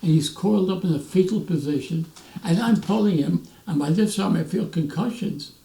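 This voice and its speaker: A man in his nineties, a veteran, telling animated stories in an interview and acting out the voices of others. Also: sits high, normal speed, creaky. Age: 90s. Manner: animated storyteller, acts out quoted voices, restarts often. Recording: roomy echo, mic at a distance.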